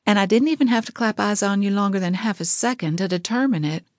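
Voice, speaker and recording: A woman voicing an impatient, spirited petite young woman who speaks high and indignant. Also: quick pace, no echo, clean studio sound, close to an everyday voice.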